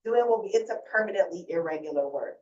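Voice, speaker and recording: A woman teacher explaining reading lessons to parents in a clear, patient way. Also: on the low side, lively intonation, fast, darkish tone, slight background noise. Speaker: first grade teacher. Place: school room presenting to parents. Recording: roomy, distant, dull sound.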